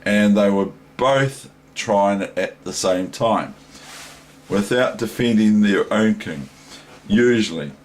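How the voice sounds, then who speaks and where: New Zealand man, low voice, unhurried, rambling chess tutor walking through a game. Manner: rambling, digressive, thinking aloud. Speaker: chess teacher. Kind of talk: casual chess lesson.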